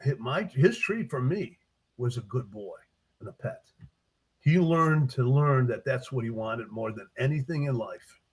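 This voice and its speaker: A man, a book author in a casual interview, retelling his short stories with lively acted-out character lines. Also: medium pitch, unhurried, breathy edge. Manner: animated storyteller, acts out characters' lines.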